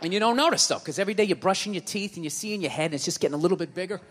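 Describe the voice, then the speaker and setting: A man in his forties doing a profane, ranting stand-up comedy routine on stage, with loud outbursts. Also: high-pitched, racing, background noise. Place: stage in a large venue. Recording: live show in a big hall.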